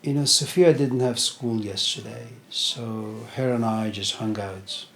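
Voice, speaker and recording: A man's voice: mid-range voice, fairly even intonation, unhurried, gravelly, fairly bright tone. A middle-aged man giving an informal lecture, retelling a story in a conversational way with many fillers.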